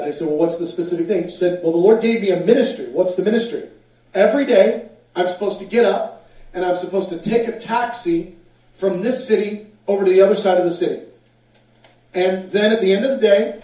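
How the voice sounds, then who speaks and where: A man preaching a sermon, telling stories with lively, acted-out quotes. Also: high-pitched. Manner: animated storyteller, acts out quotes. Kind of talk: sermon storytelling. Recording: echoey hall from far off.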